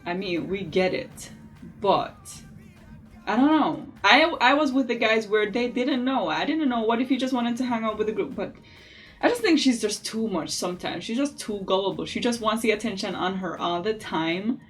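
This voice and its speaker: A woman's voice: medium pitch, normal speed, faint music behind. Chatty opinionated woman vlogging over makeup. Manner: chatty, opinionated, lively asides. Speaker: beauty vlogger. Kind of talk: casual makeup tutorial chat.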